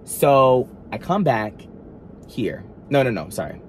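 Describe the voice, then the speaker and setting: A man vlogging a storytime, talking straight to his viewers in an animated, dramatic way, full of asides and restarts. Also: mid-range voice, slow, a little hiss or hum. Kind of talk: storytime monologue.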